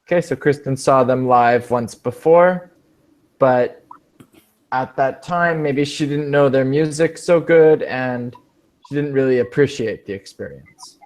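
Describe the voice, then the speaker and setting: A man's voice: mid-range voice, measured pace, a little mellow. A man teaching an English speaking class, explaining expressions patiently and rephrasing them several times.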